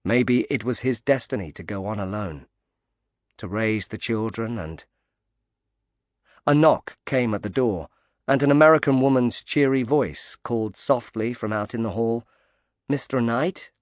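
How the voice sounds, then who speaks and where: Low-voiced male audiobook narrator. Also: no echo, studio quality. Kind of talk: scripted narration.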